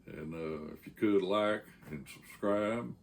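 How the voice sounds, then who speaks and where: A Texan man tells a yarn in an unhurried drawl, pitched a little low. He rambles along, stopping often on a drawn-out "uh" before he picks the thread back up. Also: slight background noise. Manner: rambling, frequent "uh" pauses. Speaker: channel host and storyteller. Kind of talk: casual storytelling.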